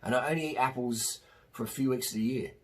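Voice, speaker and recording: A man's voice: mid-range voice, fast talker, breathy edge. A middle-aged man, a cyclist, talking casually and emphatically to camera in a rambling, slangy way. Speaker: vlogger and cyclist.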